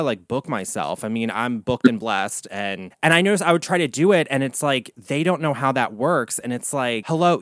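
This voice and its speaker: Animated gossipy man with a lively voice. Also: no room sound. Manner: animated, gossipy, swears freely, big swings in pitch and volume. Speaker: podcast host, comic and drag performer. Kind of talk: casual podcast chat.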